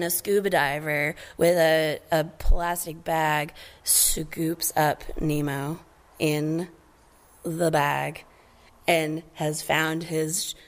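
A woman preacher giving a conversational sermon, reading scripture and retelling a story with animation. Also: on the low side.

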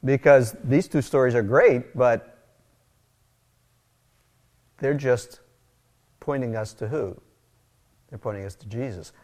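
A man's voice: medium pitch, slow, pauses often. A middle-aged man preaching a conversational sermon, telling stories with casual asides. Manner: casual, animated, storytelling with asides. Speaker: pastor.

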